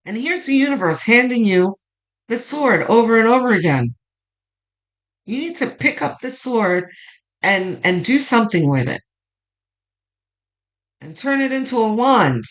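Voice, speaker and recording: Her voice a little high and sing-song, this tarot reader speaks unhurriedly and pauses often during her informal weekly vlog reading. She's chatty and emphatic, swears for emphasis and passionately encourages her viewers. The audio quality is poor.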